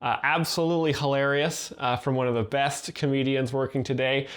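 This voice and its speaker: A man explaining jokes in a flat, deadpan way, hesitating with ums and uhs. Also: medium pitch, brisk, smooth. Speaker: joke explainer host.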